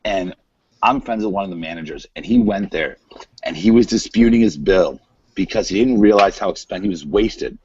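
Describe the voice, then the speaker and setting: A man's voice: sits low, a little fast, a little mellow, husky. A man in casual chat who chimes in often and tells blunt, profane stories. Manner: chimes in with "yeah, right", blunt swearing storyteller. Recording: dull lo-fi sound with faint noise.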